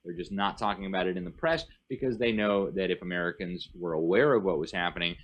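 A man's voice: deep voice, quick pace. A man speaking as a guest commentator in an interview, emphatic and rattling off long lists. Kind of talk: animated interview talk.

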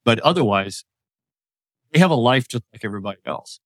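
Older man in his sixties, interview guest; firm, plainspoken storyteller, dry close sound, mid-pitched. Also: expressive, brisk, fairly bright tone, no echo. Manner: plainspoken, firm, tells leadership anecdotes. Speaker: guest, retired army officer.

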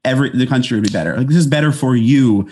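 Fast-talking, heated man. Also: mid-range voice, mellow, a little hiss or hum. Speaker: podcast co-host. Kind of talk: casual chat.

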